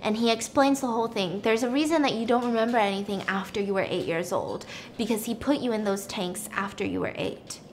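A young woman casually retelling a story while cooking, chatty and animated, with lots of filler words. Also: mid-range voice, a little fast, a little hiss or hum. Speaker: storytelling vlogger.

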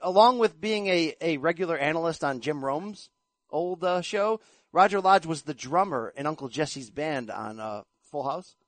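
A man's voice: fairly high pitch, normal speed, fairly bright tone, no room sound. A man hosting a casual boxing chat show, joking and bantering with his co-host. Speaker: podcast host.

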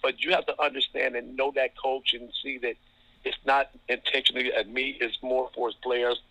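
A man from Ohio, a basketball referee, telling anecdotes about coaches in a relaxed interview, chuckling often. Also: mid-range voice, moderate pace, dry recording, poor audio. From Toledo, Ohio. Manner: chuckling, anecdotal, lots of fillers. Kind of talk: casual storytelling interview.

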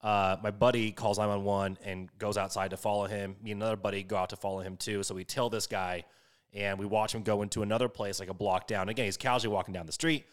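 A young man telling a story in casual chat, animated, swearing freely and filling his talk with "like". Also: fairly low pitch, fast talker. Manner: animated, swears a lot, many fillers.

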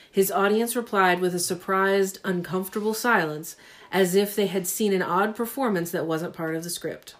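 A woman's voice: mid-range voice, normal speed. Playful female podcast co-host, casual reader, easy laugher. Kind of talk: casual chat, reading aloud.

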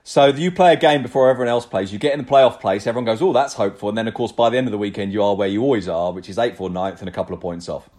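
A man's voice: on the low side, rapid-fire, hardly any pauses, darkish tone. A man co-hosting a football podcast, musing about players in a rambling way full of asides. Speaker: football journalist, podcast co-host. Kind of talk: casual football podcast chat.

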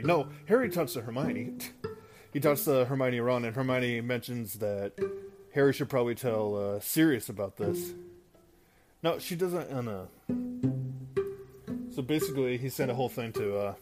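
A man hosting a podcast, casually recapping a movie into his phone, rambling and often correcting himself mid-sentence. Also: mid-range voice. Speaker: podcast host. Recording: music playing underneath.

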